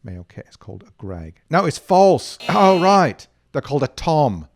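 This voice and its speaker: A man's voice: fairly high pitch, very animated, normal speed. A young man hosting a kids' trivia game as a camp counselor, goofy, playful and self-mocking.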